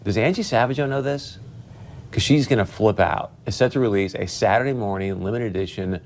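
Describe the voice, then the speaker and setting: A man with a very low voice, bantering as a TV news co-anchor in a studio. He teases, tells little anecdotes and keeps the tone light and joking. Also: brisk, a little mellow. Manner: teasing, jokey, tells anecdotes. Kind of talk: casual on-air banter between news stories.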